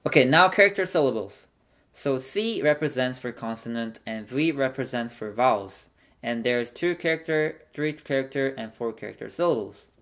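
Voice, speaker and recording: A man's voice: medium pitch, normal speed, a bit bright. A man teaching an online language lesson, patiently sounding out syllables one at a time.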